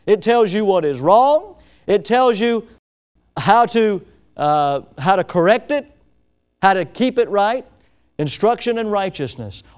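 A man's voice: sits high, animated, measured pace, smooth. A man preaching a sermon to his congregation, folksy and repetitive, asking them questions as he goes. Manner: folksy, repeats key phrases, asks the congregation questions. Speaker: pastor.

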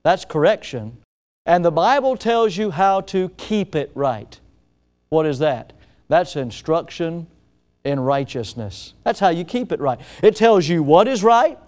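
High-voiced smooth preacher. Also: male voice, lively intonation, measured pace, darkish tone. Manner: folksy, repeats key phrases, asks the congregation questions. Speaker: pastor. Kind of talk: sermon.

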